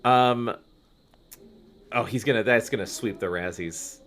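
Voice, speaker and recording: A man's voice: lowish voice, unhurried, a bit bright, a little hiss or hum. A man hosting a comedic book-reading podcast, reading aloud with jokey asides, over a video call. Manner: jokey asides between read passages. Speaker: podcast host and reader.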